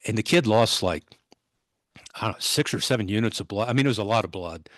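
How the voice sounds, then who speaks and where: Older guy, ex-cop on a podcast, low voice, dry close sound, tells it vivid but keeps stopping and restarting. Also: a bit bright, no echo. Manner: vivid, halting retelling with many restarts. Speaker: podcast guest, former police officer. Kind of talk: conversational storytelling.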